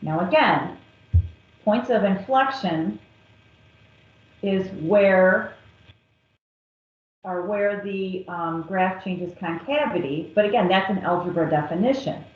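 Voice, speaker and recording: A woman math teacher working through a calculus problem step by step, patient and methodical. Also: mid-range voice. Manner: slow, patient, step-by-step explaining. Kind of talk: recorded calculus lesson. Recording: echoey, dull lo-fi classroom recording.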